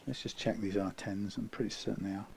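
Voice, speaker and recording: A man working as a guitar technician who muses aloud while he works, rambling and often trailing off into quiet muttering. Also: lowish voice, steady tone, fast talker, gravelly, a little hiss or hum.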